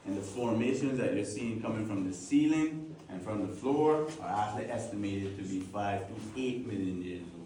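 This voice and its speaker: Caymanian male tour guide, joking and animated, outdoors, heard from a distance with faint noise. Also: lowish voice. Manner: joking, lively and animated, with local slang.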